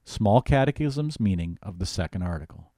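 A man's voice: lowish voice, expressive, moderate pace, mellow, no echo, clean studio sound. A male pastor teaching the Bible in casual conversation, talking emphatically and animatedly, often restarting his sentences.

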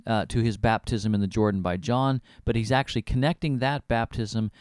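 A man with a fairly low voice co-hosts a Bible talk, speaking in a measured way. He often quotes scripture passages. The sound is close and dry. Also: steady tone, a little mellow, no room sound. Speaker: co-host. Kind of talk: conversational Bible teaching.

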